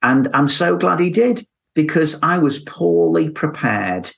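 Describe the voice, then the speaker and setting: A man speaking as a podcast guest, giving careful, deliberate advice on preparing for job interviews. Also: a little high, animated, creaky, a bit bright. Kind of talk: reflective advice.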